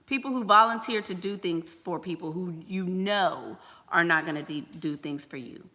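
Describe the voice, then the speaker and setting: A woman's voice: on the low side, moderate pace, sharp tone, big-room sound. A woman giving life-coaching advice on a livestream, blunt and emphatic, firing rhetorical questions.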